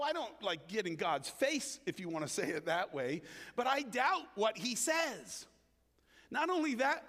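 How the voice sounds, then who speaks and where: A man with a high, very lively voice delivers a sermon, speaking casually to his congregation as if chatting with them. He acts out the words of the people in his story with big swings in pitch. The sound carries a long reverb, as in a large church hall. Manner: conversational, frequent "right?" asks to the congregation. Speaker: preacher.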